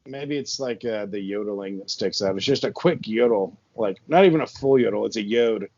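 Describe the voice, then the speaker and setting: A man's voice: fairly low pitch, fairly quick, darkish tone, dull audio. A man hosting a horror comedy podcast from his barn, rambling casually with lots of fillers and laughs. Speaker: podcast host. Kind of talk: casual chat. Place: his barn with the door open and a fan on.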